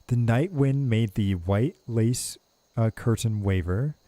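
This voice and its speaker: A man's voice: mid-range voice, slow, mellow, no room sound. Male streamer reading game text. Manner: casual, with filler asides and restarts. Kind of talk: reading game text aloud while playing.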